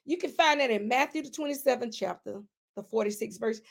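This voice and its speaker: A woman with a high voice preaches a conversational sermon. She talks straight to her listeners, stresses key lines hard and then drops into quiet asides. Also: brisk, creaky. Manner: emphatic, addresses listeners directly; swings between loud emphasis and quiet asides.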